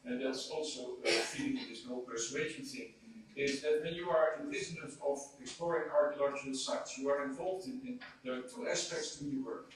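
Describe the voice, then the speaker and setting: A man speaking as an economist on a conference panel, a Dutch native, hesitant and repeating words as he thinks. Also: medium pitch. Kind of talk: panel discussion answer. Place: conference hall. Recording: echoey hall, speaker far from mic.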